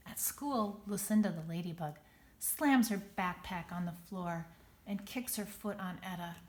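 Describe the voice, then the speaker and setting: A woman reading a children's story aloud in clear, even storytelling. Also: on the low side, a little slow, slight background noise. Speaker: storybook reader.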